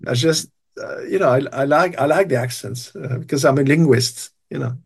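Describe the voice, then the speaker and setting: A man's voice: medium pitch, normal speed, creaky, breathy edge. A retired man in his sixties from Brittany with a French accent, speaking as an interview guest in a hesitant way with many fillers and restarts. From Brittany, France. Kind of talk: casual interview chat.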